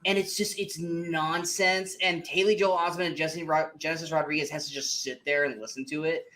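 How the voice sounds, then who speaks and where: A man's voice: a little high, fairly quick. Ranting, exasperated male movie podcaster. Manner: animated, exasperated ranting with frequent swearing. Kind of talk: casual movie review chat.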